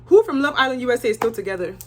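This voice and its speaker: Young woman, talkative recap vlogger, opinionated, fairly high voice, casual asides to viewers. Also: big pitch swings, very fast. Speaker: reality show recap vlogger.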